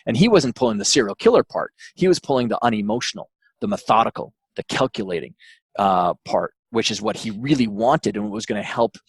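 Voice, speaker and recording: A man, an author interviewed as a guest, telling an anecdote in a relaxed way with frequent fillers and restarts. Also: fairly low pitch, brisk, husky, no echo. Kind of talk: interview storytelling.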